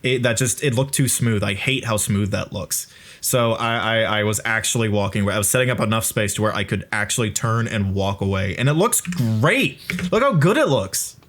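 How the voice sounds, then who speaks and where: A young man giving excited, rambling commentary on his own video, swearing freely and laughing often. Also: on the low side, normal speed.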